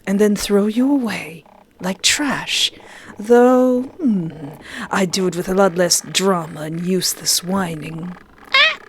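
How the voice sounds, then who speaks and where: A woman voicing a mocking, manipulative male angelic being who talks in a slow, smug, taunting way. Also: medium pitch, a little hiss or hum, close to an everyday voice, rough recording.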